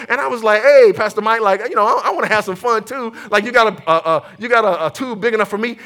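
A man preaching a sermon, telling a story with lively energy and calling on the congregation for amens. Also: fairly high pitch. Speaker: pastor.

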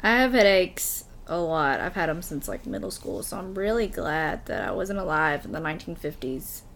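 A woman's voice: sits low, very animated, normal speed, fairly bright tone, a little hiss or hum. A woman hosting a podcast, telling a true story in casual chat and laughing often. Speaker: podcast host reading a story.

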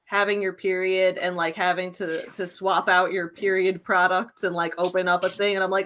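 A woman's voice: lowish voice, little pitch movement, normal speed, hardly any pauses, noisy background. A young woman co-hosting a podcast in casual chat, chatty and laughing often, with lots of fillers. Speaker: podcast co-host.

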